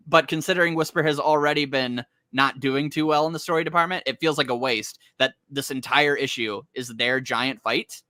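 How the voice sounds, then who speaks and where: A man's voice: medium pitch, moderate pace, hardly any pauses, bright, forceful tone, no room sound. A young man co-hosting a casual chat about comics, rambling and laughing as he talks. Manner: rambling, laughing, self-interrupting. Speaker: podcast co-host.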